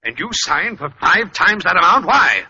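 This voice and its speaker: A man's voice: high voice, very animated, moderate pace, gravelly, pushed and bright, slight background noise, full character voice. An actor playing a stern, hot-tempered older father who scolds his son, in 1940s radio acting. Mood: angry. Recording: dull lo-fi old radio recording.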